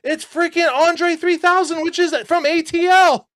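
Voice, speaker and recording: A man with a strikingly high voice hosts a live talk show. He talks excitedly and in bursts, restarting his sentences and getting louder as he works himself up. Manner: excitable, rapid, self-interrupting, gets worked up and yells. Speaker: show host. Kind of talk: excited conspiracy breakdown chat.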